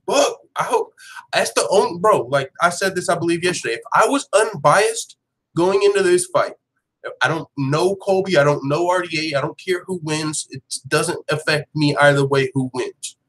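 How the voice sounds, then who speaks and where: A man hosting a daily MMA show, talking in casual live commentary with slangy, profane, animated banter. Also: on the high side, normal speed, poor audio.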